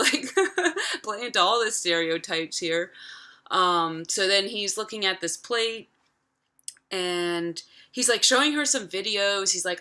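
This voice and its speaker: A woman's voice: fairly low pitch, animated, normal speed, bright, forceful tone. A woman in her thirties casually retelling a film from memory, chatty and profane, full of filler words. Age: 30s. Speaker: vlogger.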